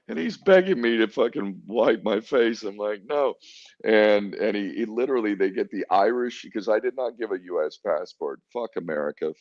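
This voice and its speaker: Middle-aged man, podcast guest, low and gruff, swearing freely, lo-fi and dry. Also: a little mellow, no echo. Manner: blunt, profane, defiant, acts out quoted exchanges. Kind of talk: candid storytelling interview. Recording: dull lo-fi dry sound.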